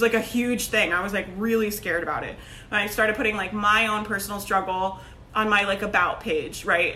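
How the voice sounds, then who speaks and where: A woman's voice: mid-range voice, slight background noise. A woman, a business coach talking casually and energetically to her online group, laughing often. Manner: chatty and energetic, laughs often, says like and right a lot. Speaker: business coach hosting a Facebook group live video. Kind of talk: casual motivational live-stream talk.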